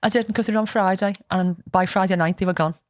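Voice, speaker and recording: A woman's voice: mid-range voice, fairly even intonation, fast talker, dry recording, studio quality. A woman with a Liverpool accent hosting a podcast in casual chat, talkative, swearing freely and laughing often. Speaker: podcast host.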